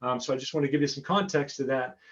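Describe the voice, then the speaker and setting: A man's voice: medium pitch, fast, a bit bright. American man speaking over dull call audio. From United States. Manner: chatty, repeats words while finding his thread. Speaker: guest speaker, author. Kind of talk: webinar presentation. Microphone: remote call audio.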